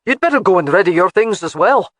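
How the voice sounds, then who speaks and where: A narrator voicing a stern Highland laird in an audiobook, terse and commanding. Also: male voice, expressive, quick pace, no echo. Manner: terse, clipped. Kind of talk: audiobook character voice.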